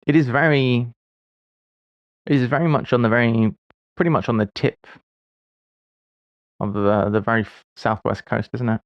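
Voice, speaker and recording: A man's voice: medium pitch, fairly even intonation, moderate pace, pauses often, dry recording, dull audio. A man in his forties streaming live, musing aloud as he solves puzzles, with wry, self-deprecating asides. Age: 40s. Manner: muses aloud while solving puzzles. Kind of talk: casual livestream chat.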